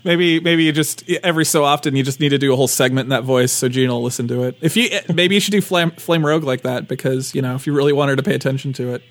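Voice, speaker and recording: A man's voice: mid-range voice, quick pace, few pauses. A man co-hosting a podcast in casual chat, playful and teasing, often repeating words as he goes. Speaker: podcast co-host.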